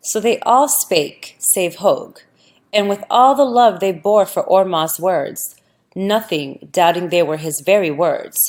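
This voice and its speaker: Give me a slow, measured woman narrating a scripture audiobook. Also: fairly low pitch. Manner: slow, deliberate, archaic phrasing.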